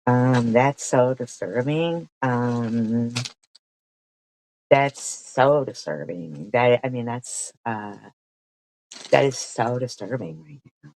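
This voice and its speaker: Slow, stammering outraged woman. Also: extremely low pitch, a little mellow, a little hiss or hum, rough recording. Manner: stammering, repeating herself, swearing in outrage. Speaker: commentary streamer. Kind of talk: reaction commentary.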